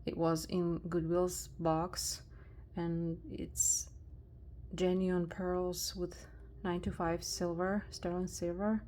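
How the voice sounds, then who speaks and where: A woman with a Russian accent, unboxing thrifted jewelry in a soft-spoken vlog, slow and marveling at each find. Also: lowish voice, little pitch movement, slight background noise. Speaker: jewelry reseller vlogger.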